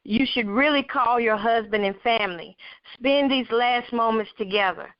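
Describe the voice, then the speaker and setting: A woman reading the lines of a male hospital doctor, measured and sober as he gives bad news. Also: fairly high pitch, natural voice. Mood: grave. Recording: dull lo-fi recording.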